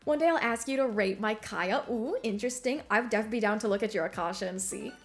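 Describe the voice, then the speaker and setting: A woman's voice: mid-range voice, brisk, faint music behind. A woman streamer chatting casually with her viewers while gaming, bubbly and giggly, full of slang.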